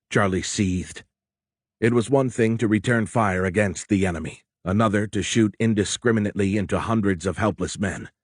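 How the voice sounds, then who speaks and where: A male narrator reads a war novel in a measured, steady storytelling manner. His voice sits fairly low, and the studio recording is close and completely dry. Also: breathy edge, no room sound. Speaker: audiobook narrator. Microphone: close studio mic.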